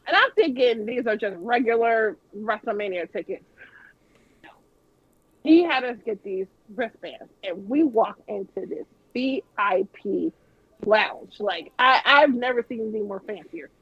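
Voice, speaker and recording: A woman's voice: on the high side, lively intonation, measured pace, slightly rough, no room sound, highs cut off. A woman guest telling a story on a podcast in a casual way, swearing freely and acting out the people she quotes.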